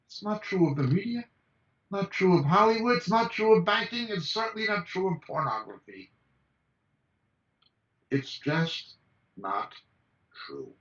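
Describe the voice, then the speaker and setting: A Bible teacher delivers an impassioned message over a video call, his emphatic, high-pitched voice swinging widely in pitch and sounding a bit bright as he rattles off lists of names. He seems far from the microphone, and the audio comes across dull and roomy.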